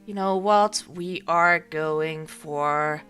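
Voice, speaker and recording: An excitable woman chatting through a strategy game, her voice bright and forceful. She breaks into loud cheers at times. Soft game music plays quietly behind her. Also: fairly low pitch, very slow, clear, resonant tone. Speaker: gaming video creator. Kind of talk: let's play commentary.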